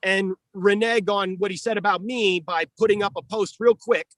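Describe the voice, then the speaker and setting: A man with a notably high voice rants hard in an interview, cursing and jabbing at his targets. He is the coach and manager defending his fighter. The sound is dry and close, with no room echo. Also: steady tone, normal speed, a bit bright. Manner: combative ranting, profane. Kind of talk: heated interview talk.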